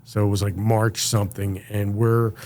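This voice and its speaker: A man with a somewhat low voice tells his story as a podcast guest. He talks casually and with energy, often slipping into the voices of the people he quotes. His speech is full of fillers. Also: normal speed, a little hiss or hum. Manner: animated, acts out quoted voices, many fillers.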